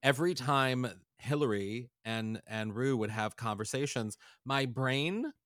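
A man's voice: medium pitch, unhurried, fairly bright tone, clear, resonant tone, no room sound, studio quality. A man co-hosting a podcast, playful and prone to tangents, talking in a casual chat. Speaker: podcast host.

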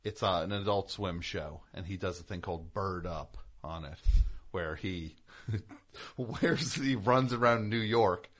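Rambling, low-voiced male radio host. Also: unhurried, fairly bright tone. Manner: rambling, jokey, breaks into laughter and silly voices. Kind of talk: casual comedic radio chat. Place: radio studio.

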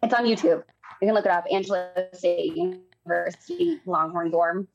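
Deadpan young woman guest, dry humor. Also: lowish voice, normal speed, vocal fry, muffled recording, faint music behind. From Texas. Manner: deadpan, dry jokey storyteller. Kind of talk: casual chat.

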